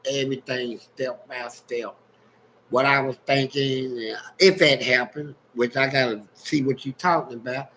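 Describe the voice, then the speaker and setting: A man's voice: medium pitch, steady tone, measured pace, pushed and bright, a little hiss or hum, poor audio. A man telling frank, streetwise stories in a casual livestream chat and laughing along as he goes. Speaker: guest storyteller on a livestream.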